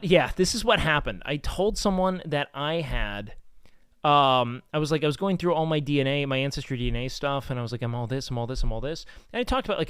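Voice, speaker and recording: A man chatting casually on a live stream, rambling with lots of fillers and getting animated when he rants. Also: fairly high pitch, clear, resonant tone, no echo. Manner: rambling, heavy with fillers like "like" and "you know"; worked-up and animated when ranting. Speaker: streamer reading chat.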